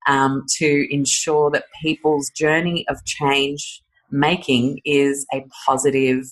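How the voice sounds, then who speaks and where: Low-voiced chatty Australian woman. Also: takes it slowly, poor audio. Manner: animated, laughs often, chatty with many fillers. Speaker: author guest. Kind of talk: casual podcast interview.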